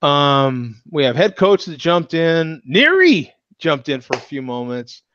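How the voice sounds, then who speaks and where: A man's voice: fairly high pitch, big pitch swings, unhurried, a bit bright, no room sound, highs cut off. A man hosting a live beer talk show in casual chat. He rambles, with many fillers and restarts, and laughs often.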